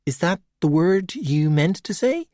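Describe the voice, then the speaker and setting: A man's voice: high-pitched, sing-song, a little slow, darkish tone, no room sound, pitched above the performer's own voice. A man voicing a sarcastic, impatient young woman in an audiobook, talking in a snappy, sarcastic way. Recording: dry close audiobook recording.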